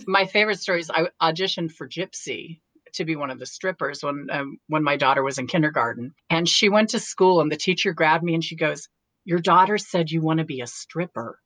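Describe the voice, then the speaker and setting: A middle-aged woman with a very low voice tells chatty stories as an interview guest and laughs often between them. The sound is dry and close, with no room echo. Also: brisk, a bit bright. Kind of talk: casual interview chat.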